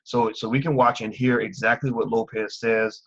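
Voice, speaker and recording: A man giving profane, heated live-streamed commentary that swings between calm asides and angry outbursts. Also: medium pitch, moderate pace, husky. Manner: animated, profane ranting. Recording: muffled lo-fi stream audio.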